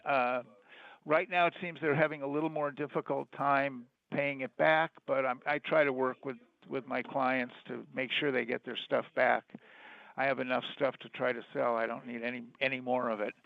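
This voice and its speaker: Gravelly man on a dull phone line. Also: mid-range voice, fairly even intonation, normal speed, no room sound. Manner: laid-back, plainspoken, trailing off. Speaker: pawn shop owner, guest caller. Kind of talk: casual phone interview.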